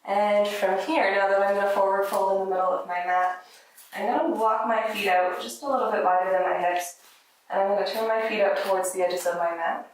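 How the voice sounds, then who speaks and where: Woman yoga teacher with gentle, encouraging cues, mid-pitched, heard from a distance in a very echoey room with faint room noise. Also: fairly even intonation, a little fast. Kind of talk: guided yoga class instruction.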